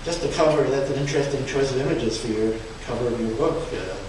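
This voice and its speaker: A man giving an informal slide presentation at a book event, speaking haltingly with many restarts and fillers and chuckling now and then. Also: medium pitch. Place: event room in a museum. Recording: echoey room, far from mic, background noise.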